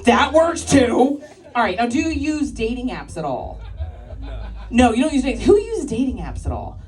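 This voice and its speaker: A woman's voice: fairly high pitch, sing-song, normal speed, darkish tone, distant mic, faint music behind. A woman in her thirties doing a stand-up comedy set, working the crowd with brash, crude banter and frequent laughter. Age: 30s. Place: live club stage with audience.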